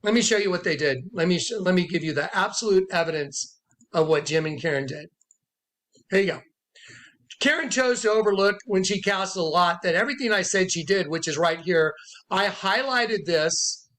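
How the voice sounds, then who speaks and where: Indoors, with his followers seated nearby, a man who describes himself as a prophet delivers an emotional story with emphasis, voicing each quoted speaker. His voice is high-pitched and a bit bright, and he keeps a moderate pace.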